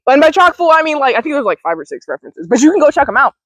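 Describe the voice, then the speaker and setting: On her wellness show, a woman talks to the camera in a rambling, casual monologue, repeating words, laughing a lot, and swearing now and then in slangy, informal speech. Her voice sits high and she's very animated and very fast. The audio is poor, with no room sound.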